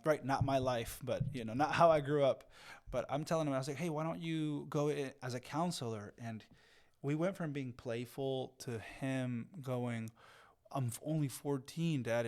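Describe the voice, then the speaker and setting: Reflective middle-aged male podcast co-host. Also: medium pitch. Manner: reflective storyteller, drops to hushed, calm tones. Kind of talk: casual conversation.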